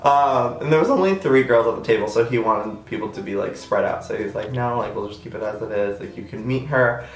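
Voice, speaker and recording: A man in his twenties telling a personal story in a chatty, self-mocking way, acting out quotes in a sudden high voice. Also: fairly quick, hardly any pauses, reverberant. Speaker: vlogger. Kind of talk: casual storytime.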